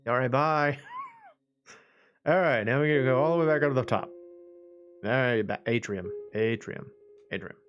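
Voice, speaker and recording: Relaxed man narrating a game playthrough. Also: medium pitch, normal speed, long pauses, highs cut off. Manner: relaxed, muttering to himself as he plays. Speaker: let's play host.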